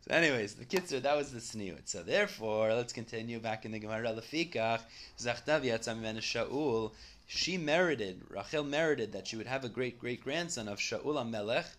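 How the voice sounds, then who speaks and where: A man with a voice of middling pitch teaching a Talmud class. He reads each passage aloud and then explains it in English, with a lively, conversational delivery. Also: moderate pace. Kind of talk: Talmud study lesson.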